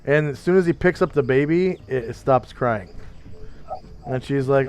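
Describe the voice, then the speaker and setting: A man's voice: medium pitch, moderate pace, darkish tone, clear, resonant tone. A man running a tabletop game, telling a long story in a loose, filler-heavy way and explaining rules. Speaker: game master. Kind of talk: casual tabletop game chat.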